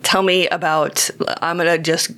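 Laid-back, slangy woman with a lowish voice. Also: steady tone, moderate pace, a bit bright. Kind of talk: casual chat.

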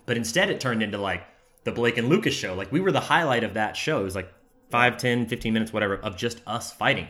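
A man telling stories in a casual chat, talking quickly and animatedly with many filler words. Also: mid-range voice. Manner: fast, animated, lots of "like" fillers. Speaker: podcast guest, former reality TV contestant. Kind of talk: casual conversational storytelling.

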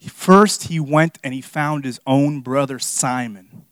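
A man's voice: medium pitch, takes it slowly, no room sound. A young man preaching a sermon in a casual, earnest storytelling way, full of fillers. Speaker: pastor teaching a Bible study.

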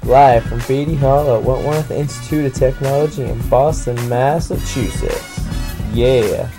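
An announcer reads a scripted station ID in a steady voice, with music clearly playing behind. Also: medium pitch.

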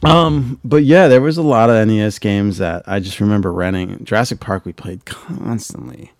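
A man chatting casually on a podcast, his speech rambling, profane and full of fillers and restarts. His voice sits on the low side. The sound is dry and close, with no room around him. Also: moderate pace, no room sound. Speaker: podcast co-host. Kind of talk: casual nostalgic chat.

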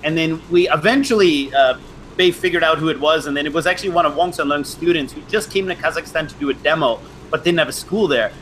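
A man's voice: a little high, fast talker, fairly bright tone, a little hiss or hum, rough recording. A middle-aged man casually telling rambling stories in a chat, often restarting and laughing.

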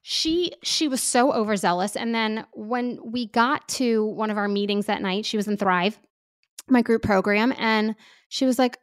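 A woman's voice: a little high, moderate pace, no echo. Chatty woman parenting expert, dry close mic. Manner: animated, chatty, many fillers. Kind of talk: casual podcast conversation.

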